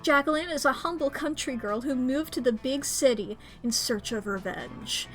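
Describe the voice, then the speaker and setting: A woman streamer reading a dating game's text aloud, excitable and quick to squeal and gasp between lines. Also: high-pitched, soft background music.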